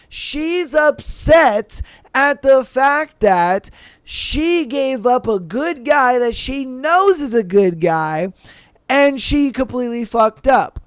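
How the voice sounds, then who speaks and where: Young male podcast host, high-pitched, smooth voice; blunt, heated, profane commentary. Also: no room sound, studio quality. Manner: blunt, profane, heated, addresses listener as bro. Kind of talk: casual reaction commentary.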